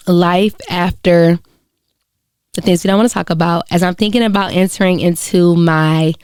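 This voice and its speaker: A woman's voice: fairly low pitch, darkish tone, smooth, dry recording, studio quality. A young adult woman hosting her solo podcast, talking in an earnest, encouraging way with frequent fillers. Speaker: podcast host. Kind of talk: reflective solo podcast talk.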